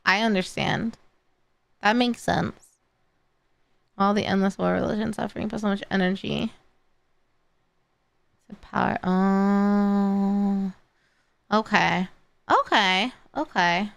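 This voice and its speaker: A woman's voice: medium pitch, takes it slowly, vocal fry, pauses often, no room sound. A young woman chatting casually on a live stream, tired and rambling, with many fillers and restarts. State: tired and yawning. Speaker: streamer reacting to videos and chat.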